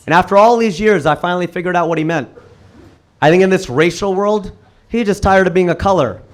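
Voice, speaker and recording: A man performing a stand-up comedy set on stage, telling stories with sudden jumps in pitch and loudness. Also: brisk. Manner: animated storytelling with sudden jumps in pitch and volume. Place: comedy club stage with live audience.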